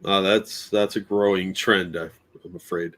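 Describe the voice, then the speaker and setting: Male co-host, dry and deadpan, lowish voice. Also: unhurried. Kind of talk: casual stream chat.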